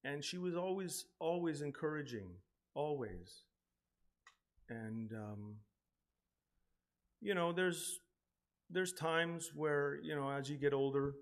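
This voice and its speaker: Guy in his 40s doing a eulogy for his mom, lots of uh and restarts, gets quiet and emotional. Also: mid-range voice. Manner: halting, repeats words, many fillers; emotional, voice drops quietly at times. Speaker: son giving a eulogy. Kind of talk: funeral eulogy, personal story.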